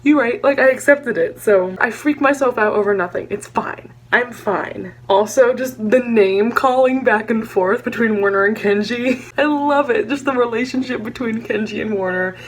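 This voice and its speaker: A young woman with a Texan accent reacting to a book in a vlog, gushing and dramatic with lots of "like". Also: a little high. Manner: gushing, fast, full of "like" and dramatic asides. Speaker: book vlogger.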